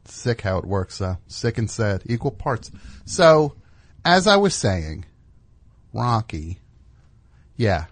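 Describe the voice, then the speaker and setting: A man's voice: lowish voice, sing-song, slow pace, pauses often, no echo. A man hosting a radio show, rambling and riffing in casual comedic chat in a studio. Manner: rambling, riffing with put-on voices.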